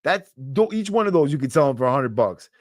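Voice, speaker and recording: A young man with a Boston accent telling a story on a podcast in a streetwise, profane, animated way. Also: fairly high pitch, fast talker, no echo, clean studio sound. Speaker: guest storyteller. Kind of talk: casual storytelling. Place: podcast studio. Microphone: podcast microphone.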